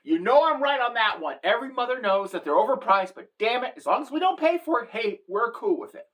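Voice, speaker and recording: A woman's voice: a little high, big pitch swings, a little fast. Brash, sassy middle-aged woman for a comedic vlog monologue. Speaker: satirical vlogger.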